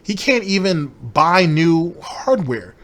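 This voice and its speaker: Sarcastic ranting man, slightly high voice. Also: very animated, slow pace, fairly bright tone. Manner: profane, rambling, sarcastic. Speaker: commentary channel host. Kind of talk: ranting commentary.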